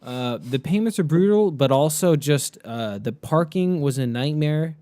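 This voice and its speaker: A man's voice: a little high, animated, unhurried, dark tone. A man co-hosting a podcast in casual chat, laid-back, rambling and profane. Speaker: podcast co-host.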